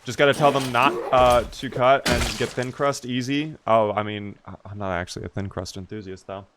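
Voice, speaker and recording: A male streamer talks through his game in a relaxed, chatty way. His pitch sits in the middle of the range but jumps upward when something excites him. He keeps up an easy flow of casual talk while answering chat. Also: brisk, background noise. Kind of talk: casual live-stream gaming commentary.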